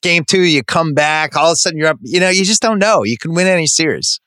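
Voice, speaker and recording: A man talks sports with a friend in loose, animated banter, stopping and restarting his sentences as he gets worked up. His voice is bright and forceful, and the sound is dry and close. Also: fairly high pitch, quick pace, clean tone, dry recording. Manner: animated, ranting, self-interrupting. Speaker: sports podcast host.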